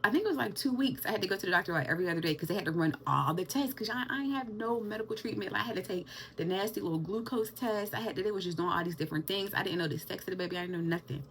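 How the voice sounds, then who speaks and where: A young woman telling a personal story to camera in an animated, chatty way, calling her viewers y'all. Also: mid-range voice, very fast, few pauses, a little hiss or hum. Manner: animated, addresses viewers as y'all, Southern US slang. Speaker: vlogger.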